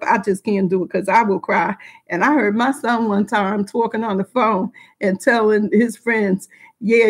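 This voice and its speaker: A middle-aged woman telling a personal story to a group, frank and emotional, rambling with many restarts and asides. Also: mid-range voice.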